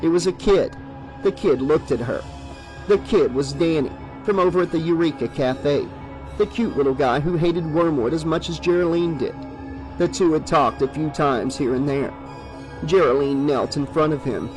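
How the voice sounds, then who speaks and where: Male horror audiobook narrator, measured and steady, slightly high-pitched. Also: music in the background, rough recording.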